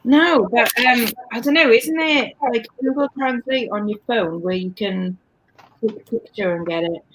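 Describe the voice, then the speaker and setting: A woman's voice: a little high, normal speed, a bit bright, a little hiss or hum, low-quality recording. A Welsh woman from Wales hosting a casual livestream chat on a video call, rambling with lots of fillers. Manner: chatty, rambling, frequent fillers. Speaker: livestream host.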